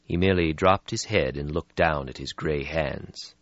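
A man narrating a story as an audiobook reader, in a measured, expressive way. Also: rumbling low, no echo. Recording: slightly muffled lo-fi audio.

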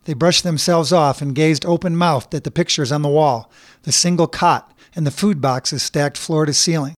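A man reads a short story aloud at a measured, even pace. His voice sits a little high. The recording is dry and close, with no room echo. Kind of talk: scripted narration.

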